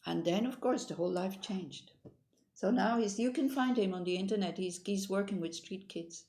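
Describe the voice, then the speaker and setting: Gravelly-voiced woman meditation teacher. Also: mid-range voice, moderate pace, a little mellow. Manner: informal, meandering, with frequent restarts. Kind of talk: dharma talk with storytelling.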